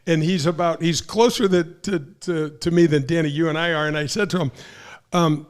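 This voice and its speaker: A man in his sixties from St. Louis hosts a relaxed talk show, spinning animated anecdotes and slipping into the voices of people he quotes. His speaking voice sits a bit high for a man. He stumbles and restarts now and then as he goes. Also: normal speed. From St. Louis, Missouri. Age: 60s. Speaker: host, former pro golfer. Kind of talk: casual storytelling chat.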